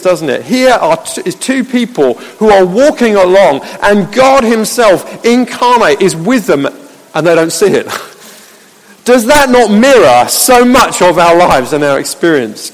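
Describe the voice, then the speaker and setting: High-pitched gravelly male preacher in a hall. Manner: conversational, anecdotal, swinging between loud exclamations and hushed reflection. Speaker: pastor. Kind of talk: sermon.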